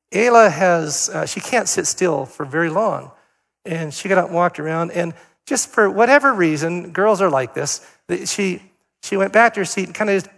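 An older man preaches in a relaxed, conversational manner, telling family stories with ums along the way. His voice sits a little high, and it rings with the long reverb of a church hall. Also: gravelly. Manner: conversational, anecdotal, with fillers. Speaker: pastor. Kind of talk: sermon.

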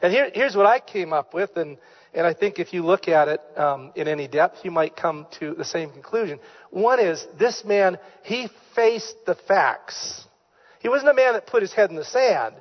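A pastor preaching a sermon in church, with emphatic delivery, repeated key phrases and questions put to the congregation. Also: male voice, high voice, big-room sound, muffled recording. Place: church sanctuary.

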